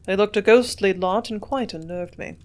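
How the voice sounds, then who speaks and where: A woman reading a classic novel aloud as an audiobook narrator, with a measured, steady storytelling delivery. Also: medium pitch. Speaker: audiobook reader.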